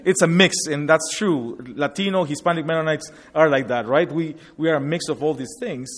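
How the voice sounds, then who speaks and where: Talking fairly quickly with hardly any pauses, a man whose voice is a little high and fairly bright relates his migration story in a hall. He's from Guatemala, in his forties, with Spanish as his first language, and presents the testimony with slides in an earnest, reflective way. Long reverb fills the room.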